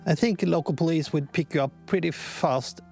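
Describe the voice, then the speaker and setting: Gravelly man, sardonic and deliberate. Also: on the high side, a little mellow, soft background music. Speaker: interviewee.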